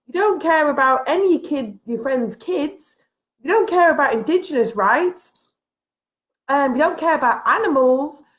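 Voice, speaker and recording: A high-pitched woman vents straight to camera in a vlog from home. She sounds frustrated and emphatic, circling back to the same points again and again. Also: expressive, normal speed. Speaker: vlogger. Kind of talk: impassioned rant to camera. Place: at home, having just got out of bed.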